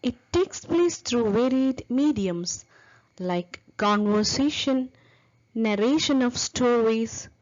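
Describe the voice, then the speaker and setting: A woman's voice: on the high side, animated, slow pace, a little mellow, highs cut off. A woman giving a lecture on teaching English, explaining step by step and spelling out example words.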